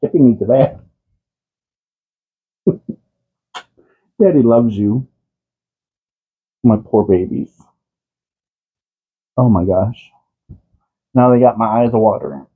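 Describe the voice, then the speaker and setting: A man's voice: fairly low pitch, slow, pauses often, breathy edge. A man talking to his pet cats in doting baby talk, chatting to viewers at home. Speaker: crafting channel host. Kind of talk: casual chat to pets and viewers. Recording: tinny phone-like audio.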